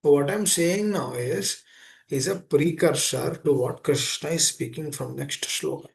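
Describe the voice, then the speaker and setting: A man's voice: fairly high pitch, a little slow, vocal fry. A man giving an earnest sermon, often repeating phrases and asking rhetorical questions. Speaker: speaker giving a scripture class.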